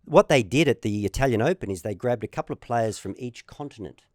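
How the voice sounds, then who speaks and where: Aussie guy in his 50s telling tennis yarns, all over the place pitch-wise, talks quick. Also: no room sound, studio quality. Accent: Australian. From Australia. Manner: lively storyteller, acts out quotes. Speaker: guest, former tennis player. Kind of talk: casual anecdotal chat.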